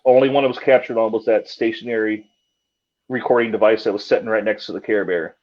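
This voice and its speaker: A man's voice: lowish voice, steady tone, fast talker. A man, a paranormal investigator, telling a story casually, with many fillers and restarts. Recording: dull lo-fi sound.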